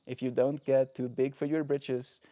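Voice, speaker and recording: A man's voice: mid-range voice, flat delivery, normal speed, dark tone. A man talking earnestly and reflectively on a daily livestream, often checking in with the listener. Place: home.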